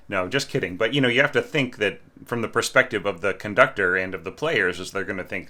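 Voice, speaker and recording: Male teacher, low voice, crisp bright tone, conversational score review with frequent tag questions. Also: brisk. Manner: frequent "right?" tag questions, hesitant restarts, sings phrases. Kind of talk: casual spoken score critique.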